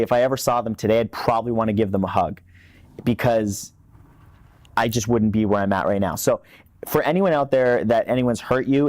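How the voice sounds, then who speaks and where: A man's voice: medium pitch, a little mellow, dry recording, clean studio sound. A man, speaking earnestly as an interview guest and repeating words when stressing a point. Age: 30s. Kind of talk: candid interview talk.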